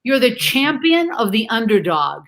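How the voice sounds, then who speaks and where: A woman chatting as a guest over a video call from home, animated and affectionate, calling people dear and love. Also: fairly high pitch, normal speed, low-quality recording. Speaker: guest on a livestream talk show. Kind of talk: casual video-call chat. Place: home in Canada.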